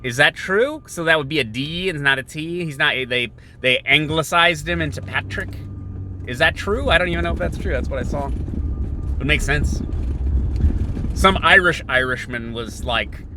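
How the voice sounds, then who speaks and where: A man's voice: on the high side, normal speed. A man hosting a podcast, talking in a rambling, digressive monologue with many restarts while in a car in city traffic. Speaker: podcast host.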